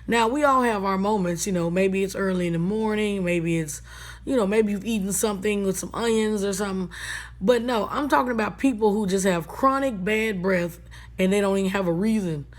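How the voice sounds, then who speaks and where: A woman's voice: medium pitch, brisk. Blunt, sassy woman hosting a casual radio talk segment. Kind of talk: casual monologue.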